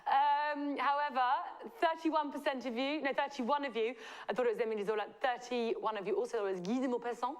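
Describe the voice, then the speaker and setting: A woman from the Southwest of England with a West Country accent, hosting a live quiz show in a playful, teasing way with drawn-out answer reveals. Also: high voice, smooth. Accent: West Country English. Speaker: quiz host.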